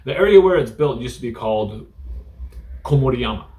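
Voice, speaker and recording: A man's voice: mid-range voice, animated, fairly quick, a little mellow. A man hosting a casual Japanese vocabulary lesson, talking in a laid-back, joking way with many fillers. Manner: joking, irreverent. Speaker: host teaching Japanese through news.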